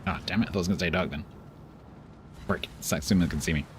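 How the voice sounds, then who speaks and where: A man commenting live on his own gameplay as a streamer, joking and complaining in animated bursts. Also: fast talker, a little hiss or hum. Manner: animated, self-pitying, jokey banter with squeaky outbursts. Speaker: game streamer.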